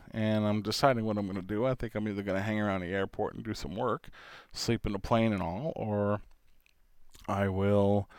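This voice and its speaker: Rambling, chatty podcast host. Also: male voice, fairly low pitch, a little mellow, dry recording, clean studio sound. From New York. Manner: rambling and chatty, laughs often. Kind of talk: casual solo podcast monologue.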